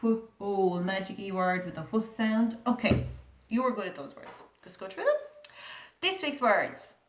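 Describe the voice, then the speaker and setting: A woman's voice: mid-range voice, lively intonation. Irish lady teacher doing a kids reading lesson, patient, asks loads of questions, roomy echo. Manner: patient, sounds out words slowly, asks many questions. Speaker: primary school teacher. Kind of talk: recorded remote reading lesson.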